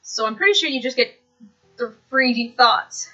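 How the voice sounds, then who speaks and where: A woman's voice: on the high side, animated, moderate pace, bright, forceful tone, dull audio, faint music behind. A woman narrating a tabletop game as dungeon master, rambling through descriptions with many fillers.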